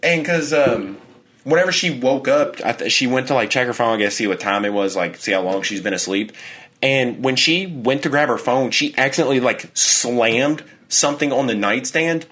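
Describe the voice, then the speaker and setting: A man's voice: mid-range voice, moderate pace, a bit bright. A young adult man co-hosting a podcast, telling a story in casual chat with heavy swearing. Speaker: podcast co-host.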